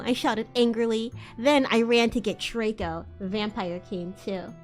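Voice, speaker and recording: A woman's voice: on the high side, fairly even intonation, unhurried, few pauses, faint music behind. A young woman streamer giving a dramatic, mocking live reading, with the odd stumble over words.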